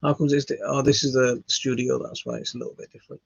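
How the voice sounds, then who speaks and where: Guy rambling bout his garden, gravelly voice, dull phone audio. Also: medium pitch, level tone, fast, no room sound. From West Yorkshire, England. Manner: rambling, self-deprecating, many fillers and restarts. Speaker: gardening channel host. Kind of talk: casual chat to camera. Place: home studio, indoors.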